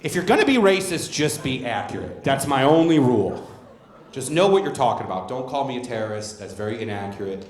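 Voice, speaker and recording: A man's voice: mid-range voice, very animated, a little fast. A male stand-up comedian performing a brash, profane, self-mocking set on a comedy club stage. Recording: roomy comedy club sound.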